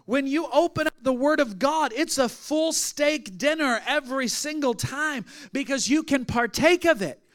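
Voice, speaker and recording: High-voiced preaching man. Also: normal speed, hardly any pauses. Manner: animated preaching, swings from loud bursts to hushed intimate retelling. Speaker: pastor. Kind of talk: sermon with storytelling.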